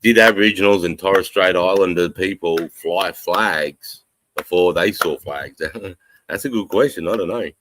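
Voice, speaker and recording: A man's voice: low-pitched, unhurried, a bit bright. An Australian man hosting a casual live chat, reading comments aloud and giving his blunt, rambling, profane opinions. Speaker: livestream host reading chat.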